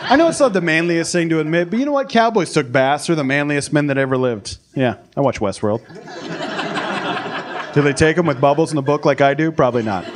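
A young American man doing a stand-up set, telling stories in a deadpan, self-deprecating way. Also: on the high side. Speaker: stand-up comedian. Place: comedy club stage, live audience. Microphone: handheld stage mic. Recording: live club with loud crowd laughter.

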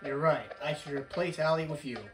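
A man's voice: on the high side, fairly quick. A man co-hosting a let's play, trading playful jokes in casual banter. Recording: distant mic, game music behind.

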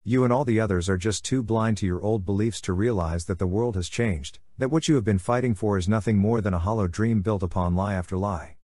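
A man voicing a scheming, silver-tongued male warlord in an audiobook, smooth and sarcastic with bursts of fury. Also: lowish voice, brisk, few pauses, mellow, no echo, lightly acted. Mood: scornful. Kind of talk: audiobook character voice.

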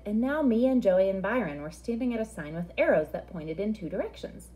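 A woman reading a children's novel aloud in a friendly, expressive storytelling manner. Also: mid-range voice, fairly quick, few pauses.

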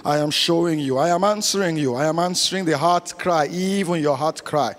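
A man's voice: fairly high pitch, a little fast, a bit bright. A man speaking a prophetic prayer in chanting, repeated phrases.

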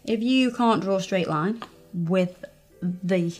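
A woman's voice: medium pitch, slow, darkish tone, faint music behind. Chatty woman nail tech. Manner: playful, self-mocking, talks straight to the viewer. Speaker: nail technician. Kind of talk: chatty tutorial banter.

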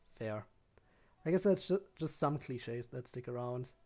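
A man's voice: mid-range voice, lively intonation, measured pace, mellow. A young man chatting casually with his viewers while he streams a game. He rambles, often restarts his sentences and answers questions from chat.

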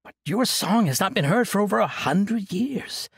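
A man voicing a calm, respectful young hero who speaks slowly in an audiobook. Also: high voice, vocal fry, slightly rough, no echo, studio quality, voice pushed up, exaggerated voice. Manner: slow and calm.

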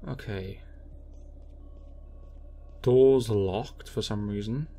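A man playing a video game, reading its lines aloud and talking to himself with sudden loud outbursts. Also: on the low side, extremely slow. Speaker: gaming YouTuber. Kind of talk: let's play commentary, reading dialogue aloud.

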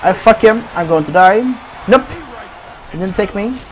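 A man's voice: high voice, moderate pace, slight background noise. Man swearing through game commentary. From Sweden. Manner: swears a lot, trash-talks opponents. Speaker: gaming commentator. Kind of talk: profane gameplay commentary.

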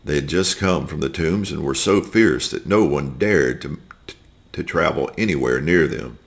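A man reading a scripture story aloud, slow and deliberate with occasional slips. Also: rumbling low, creaky. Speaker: scripture reader.

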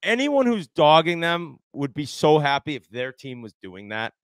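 A man in his forties with a slightly raised pitch swaps locker-room stories in a relaxed podcast chat. He swears freely and chirps his friends. The sound is close and dry. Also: moderate pace, no room sound. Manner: swearing, storytelling, chirping banter. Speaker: podcast guest, former hockey player. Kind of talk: casual chat.

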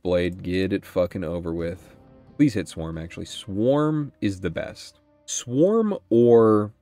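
A young man giving excitable gameplay commentary, thinking aloud about his moves and swearing often. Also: deep voice, gravelly. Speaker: gaming channel host.

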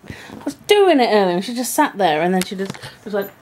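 A woman's voice: medium pitch, very animated, a little fast, darkish tone, slight background noise. A young woman vlogging at home, gushing in baby talk at her pet dog with gasps and giggles, filmed on a handheld camera. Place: at home indoors. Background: dog sounds.

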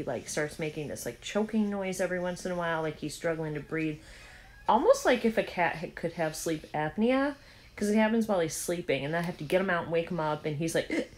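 A woman with a low voice chats casually to her camera, telling a personal story. She rambles along with fillers and little restarts, acting out what others said to her. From Southern United States. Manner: chatty, storytelling with quoted dialogue and fillers. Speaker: vlogger. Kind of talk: casual chat.

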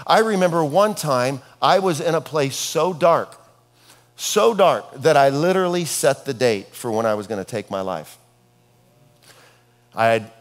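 Middle-aged male pastor, casual storyteller with dark humor, mid-pitched voice, long hall reverb. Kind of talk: sermon.

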